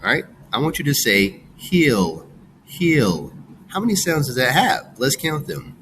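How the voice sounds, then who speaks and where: A man teaching a phonics lesson to children, slowly sounding out words with exaggerated emphasis. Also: a little high, sing-song, sharp tone, slight background noise.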